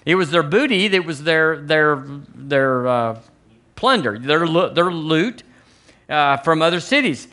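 A middle-aged male pastor with a Southern American accent, preaching a sermon with slow, emphatic repeats and calls for the congregation to say it with him. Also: a little high, lively intonation, bright, forceful tone.

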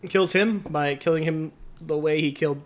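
A man's voice: a little high, normal speed. Profane ranting man reviewing a film. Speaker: podcast co-host. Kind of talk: casual film review chat.

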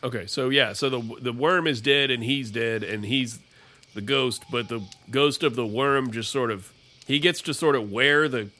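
A man co-hosting a comedy podcast, musing aloud in halting banter full of fillers. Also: mid-range voice, pushed and bright. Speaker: podcast co-host.

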